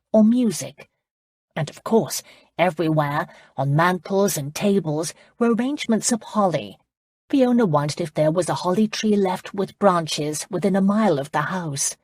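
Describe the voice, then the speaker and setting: A woman narrating an audiobook romance in a steady, even storytelling manner. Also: on the low side, no echo, studio quality.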